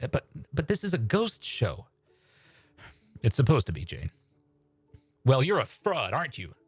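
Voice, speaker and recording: Guy doing a rambly lady caller, lots of uhs, voice pitched up a bit. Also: wildly swooping pitch, unhurried, breathy edge, no room sound, faint music behind, exaggerated voice. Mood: chatty. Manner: rambling and hesitant, many fillers. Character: chatty, rambling woman radio caller.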